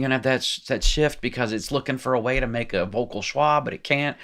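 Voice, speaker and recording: A man's voice: medium pitch, quick pace, a bit bright. A man teaching a recorded lesson in a casual, rambling way, reading from a textbook and correcting himself as he goes. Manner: rambling, self-correcting, joking asides; reads textbook aloud then comments.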